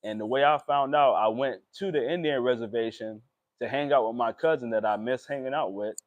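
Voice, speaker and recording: Young guy in his vlog, earnest and emotional, lots of ums and pauses. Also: medium pitch, dry recording, lo-fi sound. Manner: earnest, emotional, halting with fillers. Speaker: vlogger. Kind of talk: personal confessional vlog.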